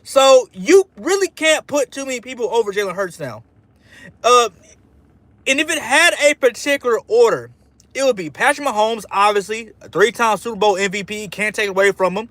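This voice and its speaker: A man livestreams in a casual, fired-up ramble, trash-talking and answering chat while tossing "man" into nearly every sentence. His voice sits very high and sounds bright and forceful. The recording is dry and close, with no room sound. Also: animated, moderate pace, dry recording. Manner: peppers speech with "man". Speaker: sports fan livestream host. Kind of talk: casual live-stream reaction while reading chat.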